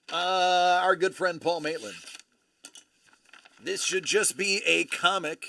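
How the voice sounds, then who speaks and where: A man hosting a live stream, excitedly opening trading cards and exclaiming over each one. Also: high-pitched, slow pace, creaky, no room sound, studio quality. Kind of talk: live-stream card breaking.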